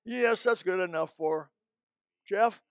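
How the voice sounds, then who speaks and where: A man's voice: sits high, slow pace, clean tone, no echo, studio quality. An older man preaching a folksy, emphatic sermon, breaking into snatches of hymns.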